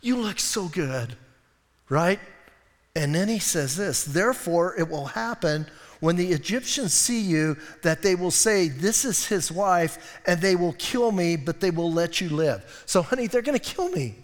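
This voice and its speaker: A man preaching a sermon as pastor, lively and acting out voices from the story. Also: sits high, unhurried, in a large hall. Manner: animated, acts out voices of people in the story. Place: church hall.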